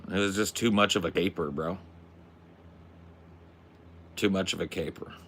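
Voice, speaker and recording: Young streamer, very low gravelly voice, relaxed slangy chat, swears freely. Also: male voice, moderate pace, slight background noise. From Pacific Northwest. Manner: laid-back, slangy, swears a lot. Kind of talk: casual livestream chat.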